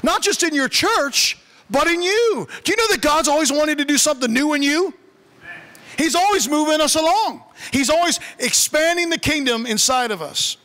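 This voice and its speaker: Bright-voiced man preaching with humor. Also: very high-pitched, animated, normal speed. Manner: conversational, humorous storytelling. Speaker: pastor. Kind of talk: sermon. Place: church sanctuary. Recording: long church reverb.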